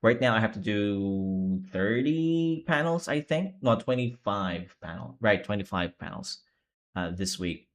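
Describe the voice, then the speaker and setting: This is a young man streaming himself drawing manga, sleepy and low-energy yet animated, speaking a little slowly in a fairly low pitch. His casual live-stream chatter is laid-back and meandering, full of self-corrections.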